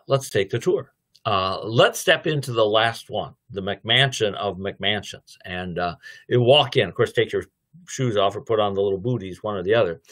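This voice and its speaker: A middle-aged man giving a devotional lecture, telling a story and acting out both sides of a conversation. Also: on the low side. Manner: lively storytelling, acting out dialogue. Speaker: theology lecturer.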